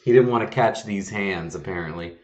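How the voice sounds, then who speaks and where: A man hosting a casual podcast chat, telling stories in a lively way and acting out what people said, with swearing. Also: low voice, a little fast. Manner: animated, acts out quotes with swearing. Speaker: podcast host. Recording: roomy, dull lo-fi sound.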